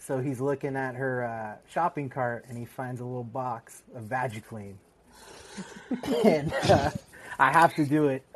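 A man's voice: mid-range voice, a little slow, a little hiss or hum. A man who is a podcast guest, retelling a film scene in casual storytelling and laughing as he goes.

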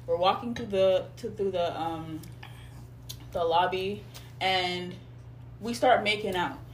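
A woman telling a long story in casual chat, animated and full of slang, acting out what people said. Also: fairly low pitch, slow pace, slight background noise. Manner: animated, slangy, acts out quoted voices. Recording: echoey room with faint ambience.

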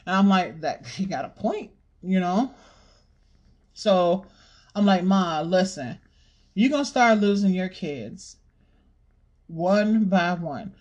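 A podcast host casually telling a stressful family story in a blunt, profanity-heavy, animated way. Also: medium pitch, slow, pauses often, highs cut off.

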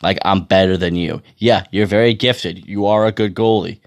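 A man's voice: sits low, steady tone, moderate pace. A man in his thirties telling a rambling, profane story in casual monologue, often laughing. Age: 30s. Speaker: amateur hockey goalie.

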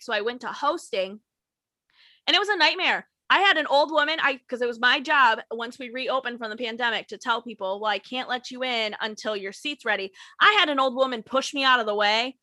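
A woman's voice: a little high, a little fast, bright, forceful tone, no echo. A young woman who used to wait tables, telling stories in casual chat, bluntly and with a lot of swearing, often mocking customers' voices. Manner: blunt, profane storytelling with mocked customer quotes. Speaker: former waitress and bartender.

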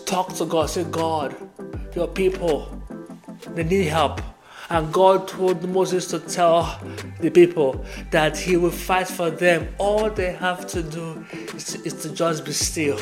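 Slow, earnest male podcast preacher. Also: on the high side, steady tone, over music. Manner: slow, earnest, repetitive preaching with Bible readings. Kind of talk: devotional sermon.

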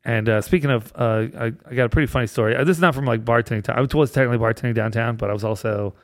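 A man's voice: mid-range voice, rapid-fire, no room sound, studio quality. A man who works as a comedian and bartender, telling a rambling story in a casual chat and laughing as he goes.

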